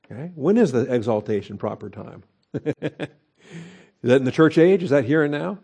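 Male Bible teacher, mellow tone, conversational expository delivery with fillers and rhetorical questions. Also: medium pitch, animated, moderate pace, creaky, pauses often, husky. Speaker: pastor teaching Bible study.

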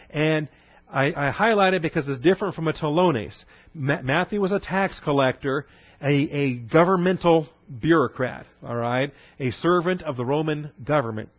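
A man's voice: a little high, dry recording. A middle-aged man teaches a Bible lesson conversationally, explaining Greek terms with many fillers and frequent "all right?" check-ins. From Texas. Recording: dry, slightly dull recording.

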